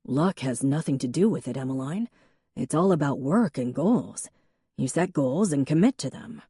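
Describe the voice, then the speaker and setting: A woman's voice: very deep voice, expressive, moderate pace, warm tone, breathy edge, no echo, clean studio sound, exaggerated voice. A woman reading an audiobook, voicing a mild, self-assured young man who lectures about goals. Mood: mild preachy.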